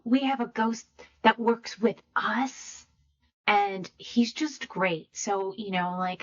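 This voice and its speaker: A woman's voice: mid-range voice, a bit bright, lo-fi sound. A woman playing a sweet-talking adventurer. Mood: flattering. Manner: sweet, ingratiating, unhurried. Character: charming, flattering adventurer woman.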